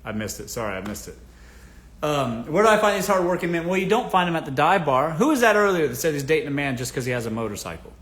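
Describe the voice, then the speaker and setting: A man hosting a casual livestream, his voice pitched a little high for a man. He gives blunt, joking answers to viewer questions and keeps addressing the audience as folks. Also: big pitch swings, fast, a bit bright. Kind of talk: casual livestream advice chat.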